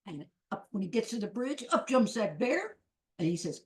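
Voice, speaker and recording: A woman telling a folk tale to a live audience, moving in a rhythmic, repetitive way and leaning on playful sound words. Her pitch sits in a middle range. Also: very animated, a little slow. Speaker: storyteller.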